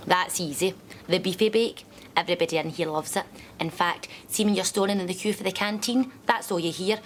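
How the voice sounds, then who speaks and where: An actress playing a chatty Scottish factory worker who gushes. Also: female voice, fairly low pitch, fairly quick, slight background noise, lightly acted. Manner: chatty, gushing.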